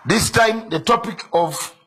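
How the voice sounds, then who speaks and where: A man's voice: high-pitched, unhurried, pushed and bright, slight background noise. A man hosting an online show, giving a fiery political commentary monologue full of repeated rhetorical questions.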